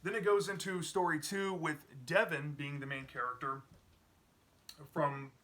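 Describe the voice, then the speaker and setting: Bright-voiced man rambling through a plot recap. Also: a little high, steady tone, a little slow. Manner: rambling, many "you know" fillers. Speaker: book reviewer. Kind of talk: casual plot summary.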